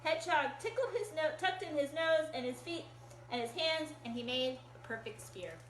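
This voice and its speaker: A woman reading a picture book aloud to children in an animated, encouraging way and asking them to join in. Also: high-pitched, moderate pace, a little hiss or hum. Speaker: storytime reader. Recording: echoey room.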